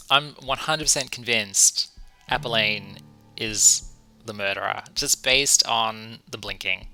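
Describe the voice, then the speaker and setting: A man's voice: lowish voice, slow pace, pushed and bright, clean tone, faint music behind, poor audio. A man reading a visual novel aloud, mixing the narration with amused asides about what he sees on screen. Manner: reads narration then breaks off for amused asides. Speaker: streamer playing a visual novel.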